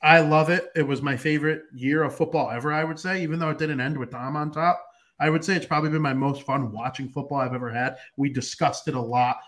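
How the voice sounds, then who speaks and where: A man's voice: on the high side, steady tone, quick pace, a bit bright. A young man hosting a casual sports podcast, talking in a rambling, joking way. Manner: rambling, jokey. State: hiccups. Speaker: podcast host.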